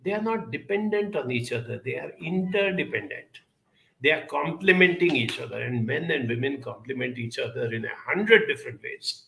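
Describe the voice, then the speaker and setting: A man answering audience questions in a reflective advice talk, speaking in a measured, deliberate way with frequent pauses. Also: mid-range voice, animated, vocal fry, bright, forceful tone, roomy sound, a little hiss or hum, poor audio.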